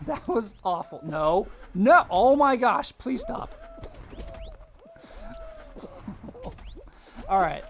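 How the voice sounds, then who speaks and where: Young man, live streamer, laughs a lot, slightly high voice, faint room hum. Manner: chatty storyteller, laughs often, sudden exclamations at the game. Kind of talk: casual live-stream chat while gaming.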